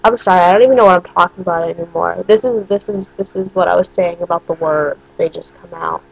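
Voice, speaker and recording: A woman's voice: fairly low pitch, vocal fry, rough recording. Rambling young woman vlogger, swearing. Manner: rambling and swearing, quick bursts of disbelief. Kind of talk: casual storytime monologue.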